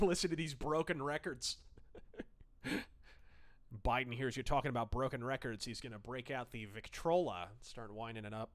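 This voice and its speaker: Guy streaming, snarky and sweary, pitch jumps all over, kinda high-ish voice. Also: a bit bright. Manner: snarky, profane, sarcastic. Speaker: livestream host reading chat. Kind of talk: casual livestream commentary.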